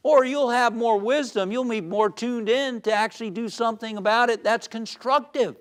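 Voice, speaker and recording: A man giving an uplifting sermon as a spiritual teacher, animated and shifting between loud emphasis and soft calm, who tells jokes. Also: high-pitched, moderate pace, few pauses. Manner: tells jokes with acted voices.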